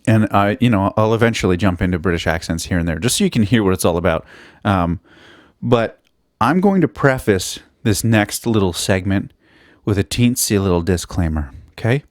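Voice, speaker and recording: Solo podcast host, male, lowish voice, dry booth sound; loose, foul-mouthed, self-deprecating comic rambling. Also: expressive, moderate pace, no echo. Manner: rambling, profane and self-mocking. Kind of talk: casual comedic monologue.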